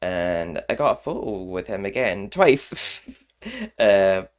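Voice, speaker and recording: A man's voice: deep voice, expressive, takes it slowly. A man chatting casually in a rambling vlog, often laughing between remarks. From Scotland. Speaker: vlogger. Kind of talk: casual chat.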